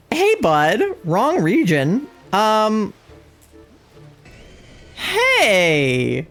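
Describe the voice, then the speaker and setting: Lively, slow-talking woman streamer. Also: lowish voice, soft background music. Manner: reactive, swears casually, excited exclamations. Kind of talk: live gameplay commentary.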